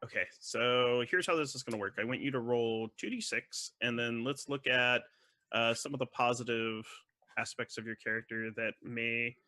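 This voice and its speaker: Bright-voiced male game master. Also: medium pitch, moderate pace, no room sound. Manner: descriptive, guiding players through rolls. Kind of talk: narrating a tabletop game.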